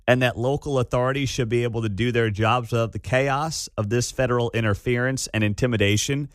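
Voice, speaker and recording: A male talk radio host in a studio, opinionated and sarcastic, scoffing at what he reads. His voice sits at an ordinary pitch and comes through close and completely dry. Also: steady tone, fairly quick, few pauses, no echo. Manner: incredulous, sarcastic, laughs at the absurdity. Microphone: studio microphone.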